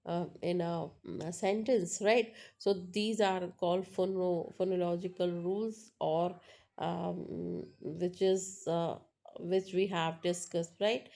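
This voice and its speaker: Woman, lecturing teacher, unhurried delivery, repeats and pauses often. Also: on the low side, a little mellow. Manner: slow and repetitive, explaining with many pauses and fillers. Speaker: English teacher. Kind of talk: classroom lecture.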